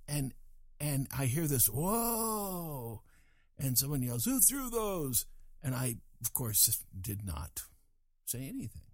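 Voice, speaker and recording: A man's voice: mid-range voice, darkish tone, no echo, clean studio sound. An older man from Colorado telling a rambling, self-deprecating story and acting out the voices of people in it. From Colorado, USA. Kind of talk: casual spoken anecdote.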